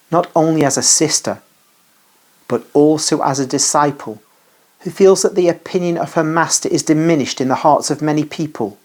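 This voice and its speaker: A narrator reading a devotional vision text in a measured, solemn way. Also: mid-range voice, a little mellow.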